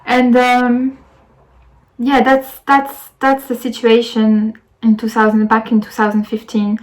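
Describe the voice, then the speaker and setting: A woman's voice: on the high side, monotone, takes it slowly, soft background music, rough recording. A young woman with a French accent, telling a rambling story to her camera in a casual vlog, with lots of fillers and restarts. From France. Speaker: vlogger.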